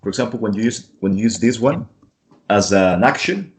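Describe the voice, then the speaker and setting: A man's voice: lowish voice, lively intonation. A man from Chile, an English teacher patiently modelling vowel sounds and checking in with his student. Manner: patient, repeats sounds slowly, keeps checking with "right?". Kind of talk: pronunciation lesson.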